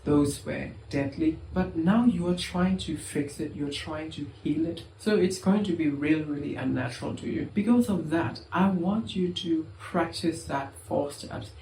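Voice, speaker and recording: A man's voice: on the high side, a little slow, vocal fry, hardly any pauses, darkish tone, slight background noise. A man coaching viewers through anxiety recovery in an earnest, reassuring self-help talk, speaking straight to the listener.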